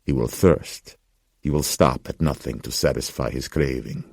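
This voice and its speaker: A man's voice: a bass voice, vocal fry, a little mellow, dry recording, studio quality, full character voice. A man reading a grave old pawnbroker. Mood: somber. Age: older. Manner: slow, grave and measured. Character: somber old male pawnbroker, grave and knowing.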